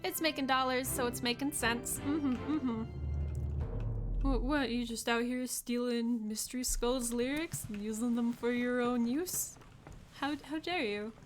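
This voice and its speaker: Playful high-voiced woman streamer. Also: unhurried, soft background music. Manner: playful, chatty, riffing with chat. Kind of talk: casual gameplay commentary.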